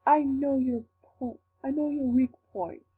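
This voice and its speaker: A woman's voice: sits high, steady tone. A woman voicing a sneering, taunting male demon villain in a fanfic reading. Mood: smug. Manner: taunting, slow and sly. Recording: tinny lo-fi with faint hum.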